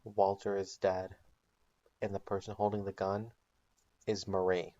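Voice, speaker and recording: Low voiced guy rambling thru a made-up comedy recap, ums and likes, muffled lo-fi sound. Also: little pitch movement, measured pace, warm tone. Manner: casual storytelling with ums and likes. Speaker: channel host.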